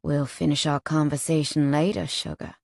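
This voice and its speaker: A woman voicing a cocky, flirtatious male biker who teases with a slow drawl. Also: low-pitched, level tone, vocal fry, darkish tone, no room sound, clean studio sound, voice pushed down. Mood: gruff. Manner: teasing drawl, calls her sugar.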